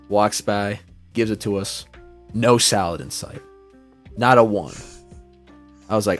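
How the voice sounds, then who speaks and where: A man's voice: on the low side, normal speed, pauses often, faint music behind. A young man co-hosting a podcast, telling a long story in a casual, profane way and acting out the quotes, heard over a call mic. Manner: animated, profane, acts out quotes. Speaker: podcast co-host.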